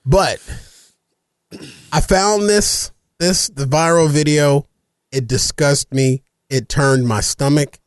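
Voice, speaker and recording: Brief: animated male host, higher voice, bouncy delivery, dry close sound, faint music under. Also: no room sound. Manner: animated, laughs often, drawn-out exclamations. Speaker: show host. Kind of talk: casual podcast chat.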